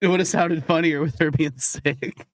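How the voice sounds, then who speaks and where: A male podcast co-host from Indiana with a slightly high voice. He laughs often and gives joking, defensive replies in a relaxed conversational way. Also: normal speed. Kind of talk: casual comedy podcast chat.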